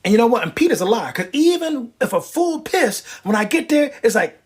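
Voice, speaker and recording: A man delivering a wisecracking, animated stand-up comedy monologue. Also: very high voice, brisk, breathy edge. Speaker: comedian and prostate cancer survivor.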